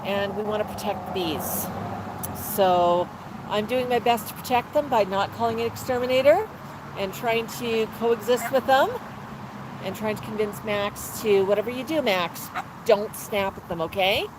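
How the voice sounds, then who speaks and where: A woman's voice: medium pitch, moderate pace. A woman hosting a live stream outdoors with her parrot, chatting, telling jokes and laughing. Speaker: livestream host with her parrot. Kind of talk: casual chat with joke telling. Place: outdoor patio. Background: faint street traffic.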